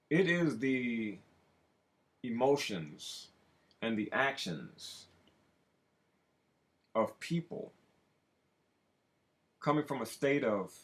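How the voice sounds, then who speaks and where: A man giving a preachy self-help monologue, with slow drawn-out phrases that rise suddenly into loud emphasis. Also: lowish voice. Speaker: spiritual self-help speaker.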